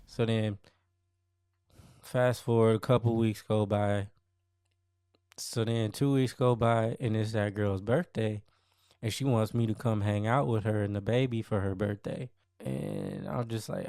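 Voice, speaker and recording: A man's voice: fairly low pitch, steady tone, unhurried, a little mellow, clear, resonant tone, no room sound, clean studio sound. A young man hosting a podcast, telling a personal story in a slangy, conversational way that often repeats itself. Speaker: podcast host. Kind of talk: casual first-person storytelling.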